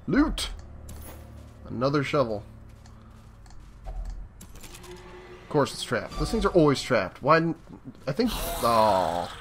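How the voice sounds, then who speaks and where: An excitable man gives casual commentary while he plays a game, and his voice swings widely in pitch. He swears loudly at every setback. Faint game music runs underneath. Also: takes it slowly, pauses often. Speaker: let's play host.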